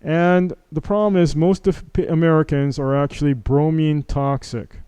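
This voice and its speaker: A man's voice: on the high side, steady tone, moderate pace, mellow, smooth, no echo. A middle-aged man giving an informal medical lecture as a physician, talking conversationally, acting out patient exchanges and checking in with "okay?" and "right?". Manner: conversational, acts out patient dialogues, frequent "okay?" and "right?" tags.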